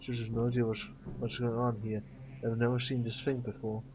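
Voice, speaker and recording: A man's voice: mid-range voice, completely flat delivery, brisk, noisy background, close to an everyday voice. A man reading the lines of a confused young girl in a video game in his own voice, flustered and unsure. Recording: dull lo-fi mic with faint game music.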